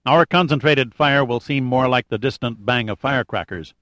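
A man voicing a measured, reassuring male team member in an audiobook. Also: medium pitch, fairly bright tone, no room sound, close to an everyday voice.

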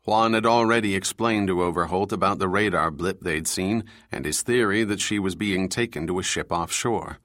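A low-pitched man narrates an audiobook with a measured, even reading of a script. The recording is clean studio sound with no room sound.

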